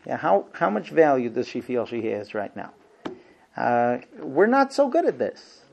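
Brief: male class teacher, lively and humorous, acts out little scenes, drops to quiet earnest points. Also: mid-range voice, unhurried, gravelly, muffled recording, a little hiss or hum. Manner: lively, acts out husband and wife exchanges with humor; shifts between quiet earnest points and loud playful asides. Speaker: teacher of a marriage class for men. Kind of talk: lecture to a class.

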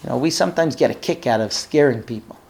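A man's voice: medium pitch, fast talker, creaky, darkish tone, slightly rough. A man teaching a Bible lesson, telling the story with acted-out dialogue and putting questions to his listeners, sometimes repeating words as he thinks. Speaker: Torah teacher.

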